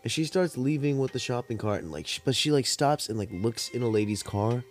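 A young man hosting a podcast, telling stories in a rambling, laid-back, profane way while high, with cotton mouth. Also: lively intonation, fairly quick, soft background music. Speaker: podcast host. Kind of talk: casual storytelling monologue.

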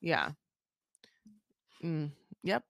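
A woman co-hosting a casual recap podcast, gossipy and crude, acting out quotes with animated swings. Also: deep voice, drawn-out words, gravelly, no room sound, clean studio sound. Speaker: podcast co-host.

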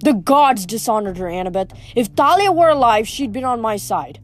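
A woman reading the part of a smooth, scheming teenage boy villain in an audiobook, with a mocking manner. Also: fairly high pitch, animated, moderate pace, soft background music, close to an everyday voice. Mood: scornful.

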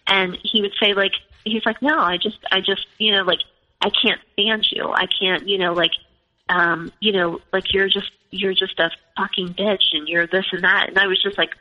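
A woman's voice: medium pitch, steady tone, normal speed. A woman in her forties telling her story as a podcast guest, talking casually with many fillers like "like" and "you know.". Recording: dull phone-line audio with long reverb.

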